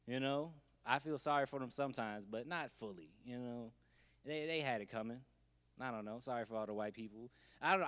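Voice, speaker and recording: A man's voice: medium pitch, a bit bright, big-room sound. A man doing a stand-up comedy set, laid-back and conversational with wry asides.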